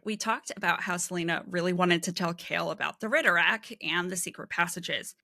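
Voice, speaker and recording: A woman's voice: lowish voice, vocal fry, bright, forceful tone, no room sound, clean studio sound. A woman co-hosting a book podcast over a video call, laying out careful analysis and reading quotes aloud. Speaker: podcast co-host. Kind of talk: casual book discussion.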